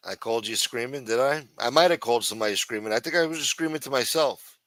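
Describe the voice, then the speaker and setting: A man's voice: medium pitch, fast, a bit bright, no echo. A man hosting a casual livestream show, rambling and teasing with plenty of profanity. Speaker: show host.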